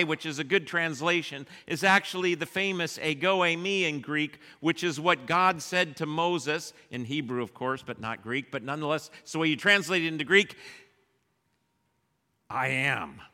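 A pastor preaching a sermon, leading his congregation in a repeated refrain. He swings between loud rallying calls and hushed, quiet lines. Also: fairly high pitch, moderate pace. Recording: echoey church hall.

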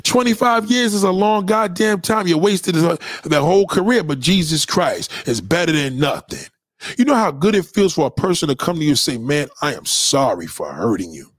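A man's voice: sits high, expressive, brisk, dry recording, clean studio sound. A man in a heated, profane livestream rant, lecturing his audience.

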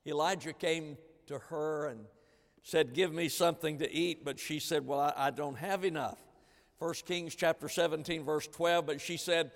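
A male pastor preaches from the pulpit, slipping into the voices of worried disciples as he retells the story. His voice sits a little high for a man and rings out with the long echo of a large church sanctuary. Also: fairly even intonation, moderate pace. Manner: preaching with dramatized quotes of disciples. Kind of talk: sermon. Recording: long reverb of a large hall.

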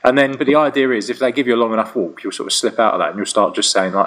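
Husky British man telling stories. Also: lowish voice, racing, few pauses. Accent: British English. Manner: animated, laughing storyteller, swears freely. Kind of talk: casual chat.

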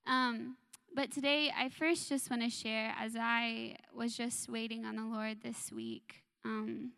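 A young woman in her twenties gives a church testimony in a soft, earnest voice, pausing often with ums. Her tone sits a little high, with a gravelly fry running through it. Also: expressive. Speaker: worship leader sharing a testimony.

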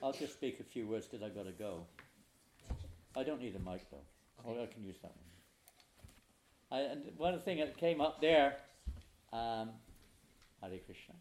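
A man's voice: mid-range voice, moderate pace, long pauses, a little hiss or hum. An older man, telling a humorous personal story as a speaker at a spiritual retreat, talking to a live audience. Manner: animated, humorous anecdotal storyteller.

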